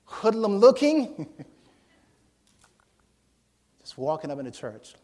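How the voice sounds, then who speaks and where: A man tells his story from the pulpit, breaking into high shouts as he acts out other voices. His pitch swings widely, sitting a little high for a man, and he laughs along with his own tale. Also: sing-song, slow. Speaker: preacher. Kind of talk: animated sermon storytelling.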